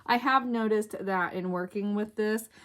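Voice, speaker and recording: A middle-aged woman talks through her handmade craft project in a casual vlog, chatty and quick to poke fun at herself. Her voice sits at an average pitch, and she fills her pauses with plenty of ums. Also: fairly bright tone. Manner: chatty and self-deprecating, with many fillers. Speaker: crafting channel host.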